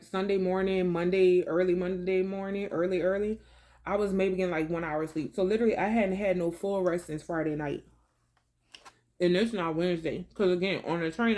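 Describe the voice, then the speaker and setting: A woman chats casually to camera in a storytelling vlog. She talks in a relaxed, slangy way, calling her viewers baby and y'all. She eats her meal between stories. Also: lowish voice. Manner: eating while talking. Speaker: vlogger.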